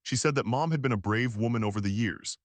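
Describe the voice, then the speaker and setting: A man narrating an audiobook in the first person, calm and measured. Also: medium pitch, dry recording.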